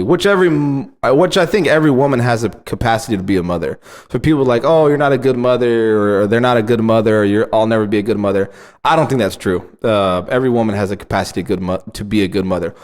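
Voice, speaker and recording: A man in his thirties co-hosting a podcast, telling lively family anecdotes. He laughs often and slips into playful voices for his kids. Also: lowish voice. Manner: animated storytelling, laughs often. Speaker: podcast co-host. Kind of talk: casual chat.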